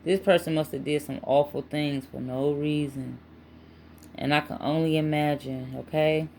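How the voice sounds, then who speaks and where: A woman's voice: low voice, steady tone, normal speed, a little mellow, slight background noise. A woman giving a casual spiritual tarot reading to her channel, chatty and emphatic, with frequent asides. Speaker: tarot reader.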